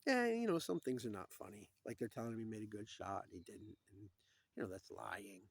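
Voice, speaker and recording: This man has a creaky, lowish voice and talks in an animated, fairly quick way, recorded dry. As a storyteller in a loose, rambling monologue, he recounts old cartoon scenes, voices the characters, and chuckles at his own humor.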